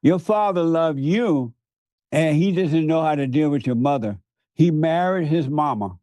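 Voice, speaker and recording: Man, preacher in a talk, emphatic and repetitive, mellow dark tone, dry sound. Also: fairly high pitch, animated, measured pace, no room sound. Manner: emphatic, repeats words for stress, laughs often. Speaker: guest preacher. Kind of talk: conversational preaching.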